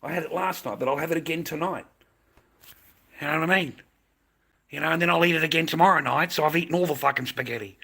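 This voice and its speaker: A man's voice: on the high side, quick pace, creaky, long pauses, pushed and bright, husky. Swearing, ranting Australian man. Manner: swearing, heated, repeats himself. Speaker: livestreamer. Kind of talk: angry livestream rant.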